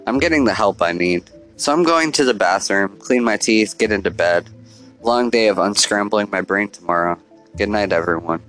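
A man's voice: fairly low pitch, fairly bright tone, low-quality recording. A man narrating a first-person horror story in an earnest, confessional, diary-like way.

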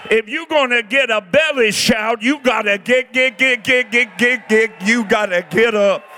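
A man in his sixties preaching a fiery sermon, shouting and exhorting his listeners. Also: very high voice, unhurried, faint music behind. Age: 60s.

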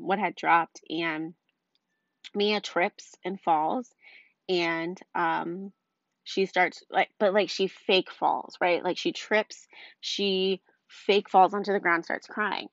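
Young woman, tired mom venting to camera, slightly low voice, dull dry recording. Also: fairly even intonation, slow, no echo. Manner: chatty, exasperated, frequent fillers like "like" and "um". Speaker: mother of two small children. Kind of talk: casual storytelling vlog.

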